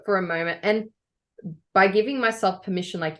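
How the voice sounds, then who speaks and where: Woman co-host, low-pitched, playful and giggly on a remote call. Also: moderate pace. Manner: laughing, chatty, playful. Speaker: podcast co-host. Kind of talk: casual chat. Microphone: video call.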